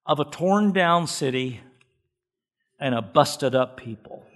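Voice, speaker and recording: Male pastor, emphatic sermon delivery, somewhat high-pitched voice, repeats words for weight. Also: lively intonation, slow. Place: church.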